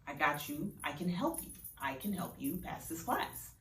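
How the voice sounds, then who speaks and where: A woman's voice: low-pitched, big pitch swings, moderate pace, a little hiss or hum. A woman voicing a kind, humble young woman student who speaks politely. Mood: friendly. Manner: polite, gentle. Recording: roomy, distant mic.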